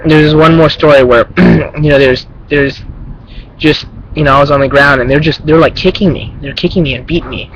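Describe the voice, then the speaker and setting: Rambling young man, slightly high voice. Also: moderate pace, lo-fi sound, slight background noise. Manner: rambling, animated storytelling full of fillers and sound effects. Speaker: vlogger addressing his twin brother. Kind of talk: casual spoken message.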